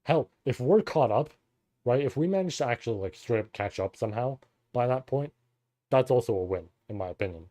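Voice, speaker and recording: A man reads a novel live on stream, interrupting himself with thrilled, foul-mouthed, casual comments. His mid-range voice moves a little fast, and the sound is free of echo.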